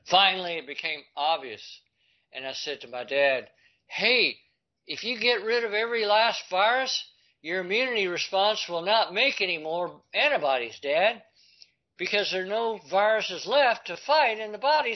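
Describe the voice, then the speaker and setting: An older man telling a personal story in a lively way, acting out the voices he quotes. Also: high voice. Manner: animated, acts out quoted voices. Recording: dull lo-fi recording.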